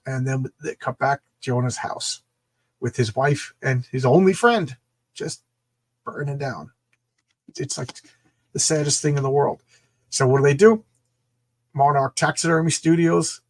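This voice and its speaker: A man co-hosting a comic book show, chatting excitably about a comic with many stammered restarts. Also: medium pitch, unhurried, long pauses. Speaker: comic book podcast co-host. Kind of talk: casual comic review chat.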